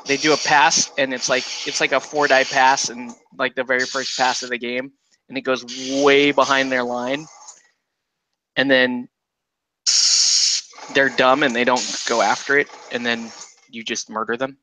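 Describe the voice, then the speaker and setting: A man's voice: medium pitch, flat delivery, moderate pace, noisy background. A man casually chatting and joking while he paints miniatures on a livestream, swearing and laughing easily. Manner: laid-back, swears casually, laughs often. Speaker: stream host painting miniatures.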